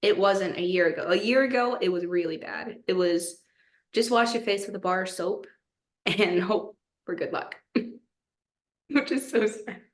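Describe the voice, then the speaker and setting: A young woman from Texas co-hosting a casual chat podcast, bubbly and quick to laugh, gushing over her friend. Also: mid-range voice. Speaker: podcast co-host.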